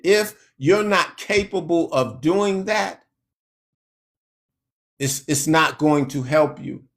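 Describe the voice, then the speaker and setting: A man preaching a sermon in a slow, emphatic way, lifting his voice when he quotes scripture. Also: mid-range voice.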